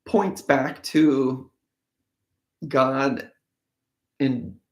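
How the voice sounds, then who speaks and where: A man, his voice a little hoarse from a cold, reads scripture aloud and stops to muse on it in a relaxed, conversational way. His voice sits at an ordinary middle pitch, and the echoey room rings around his words. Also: drawn-out words. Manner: thinks aloud, conversational asides. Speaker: host of a daily Bible reading show. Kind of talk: casual scripture reading with commentary.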